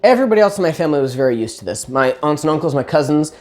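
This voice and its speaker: A woman telling a family story in a chatty, casual way, pitched a little low. Her delivery swings widely up and down, with lively asides and self-corrections. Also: very fast.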